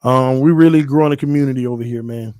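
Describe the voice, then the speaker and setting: A man in his thirties hosts a casual sports livestream from home, speaking. His delivery is loose and slangy, with a mid-pitched voice and a dry, close sound. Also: quick pace, dry recording. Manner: animated, laughs loudly, slangy. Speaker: channel host.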